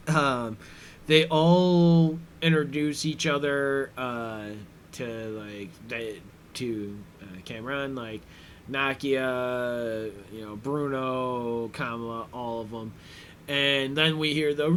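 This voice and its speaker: A man casually recapping a TV episode, rambling with many fillers and slipping into quick quoted voices. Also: mid-range voice, fairly bright tone, a little hiss or hum. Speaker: commentary host.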